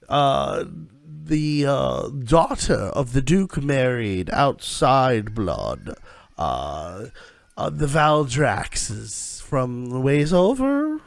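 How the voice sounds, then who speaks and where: A man voicing a nervous, gossipy male dress shop owner who fawns over customers and drops rumours in a low, hesitant way. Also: vocal fry, no echo, heavily acted. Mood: secretive. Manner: fawning, hesitant, confiding.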